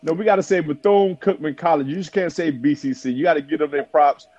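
A man's voice: a little high, quick pace, a little mellow, no room sound. Laid-back man talking on a cell phone. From South Florida. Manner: laughing, loose and teasing. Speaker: host. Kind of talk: casual chat on a phone call. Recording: dull lo-fi phone audio.

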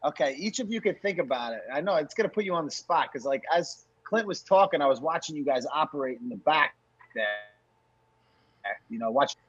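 Co-host, male, from New York, husky higher voice, teasing and animated, dull lo-fi recording. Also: brisk. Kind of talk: casual chat.

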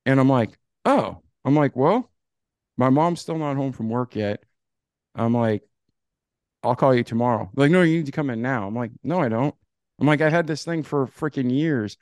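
A man telling his life story in a podcast interview, with a lively, casual delivery that acts out past conversations. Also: medium pitch, normal speed, no echo. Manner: animated, acts out dialogue with "I'm like". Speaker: podcast guest.

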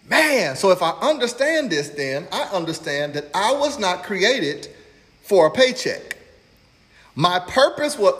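A man preaching in a lively, conversational way, his voice sitting fairly high. He drives points home by repeating them and slips into casual asides. The sound carries a long reverb, as in a big hall. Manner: animated, conversational preaching with playful retelling and repetition. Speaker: pastor. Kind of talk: sermon. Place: church room streamed online.

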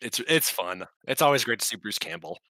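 Bright-voiced blunt young man chatting. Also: lowish voice, very animated, brisk, no echo. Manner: blunt, opinionated, swears freely. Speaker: podcast co-host. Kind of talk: casual movie-recap chat.

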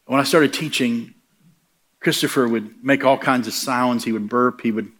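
A man preaching at a mid pitch who tells his story in a lively way. He slips into character voices for the people in his story. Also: normal speed. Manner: animated, acts out the voices in his stories. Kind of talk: sermon storytelling.

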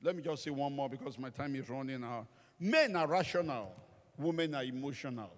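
A man's voice: medium pitch, brisk. A male pastor giving a humorous sermon, telling stories and acting out the people he quotes. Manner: animated storytelling, acts out quoted voices. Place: church hall. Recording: long reverb of a large hall.

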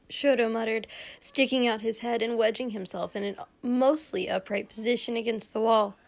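Woman reading a story out loud, slow, measured, slightly high voice. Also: vocal fry. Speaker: story reader. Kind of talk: audiobook narration.

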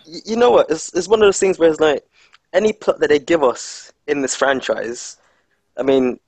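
A man's voice: a little high, normal speed, a little mellow, dry recording. A man in casual film chat, rambling and joking with lots of fillers.

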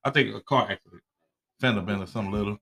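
A man from Chicago in casual chat, an animated storyteller who acts out voices, laughs often and uses a lot of profane slang. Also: on the low side, rapid-fire, creaky.

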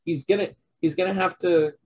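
A man co-hosting a podcast, mostly giving short agreeing replies and musing in a relaxed, casual way. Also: high voice, brisk, rough recording. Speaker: podcast co-host. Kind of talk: casual chat.

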